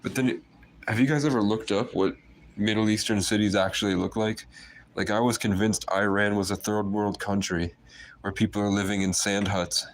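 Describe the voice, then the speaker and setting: A man's voice: lowish voice, steady tone, normal speed, a little hiss or hum. A man rambling to his viewers in a conspiratorial livestream monologue.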